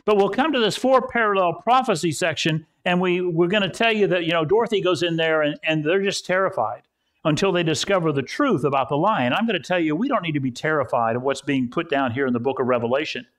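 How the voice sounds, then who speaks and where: Male pastor, sermon, fairly high-pitched voice, chatty storytelling delivery, repeats lines for emphasis. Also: fast talker, a bit bright. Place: church service.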